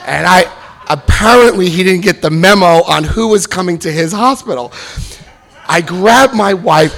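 Man, middle-aged, comic storytelling, bit higher pitched, animated delivery. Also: normal speed. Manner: animated, bursts into loud acted-out quotes. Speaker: speaker sharing his recovery story.

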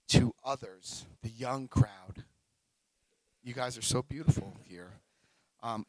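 A man's voice: mid-range voice, dry recording, poor audio. Man telling an emotional recovery story. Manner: emotional, animated storytelling with restarts. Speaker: speaker sharing a recovery story at a meeting. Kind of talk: recovery meeting share.

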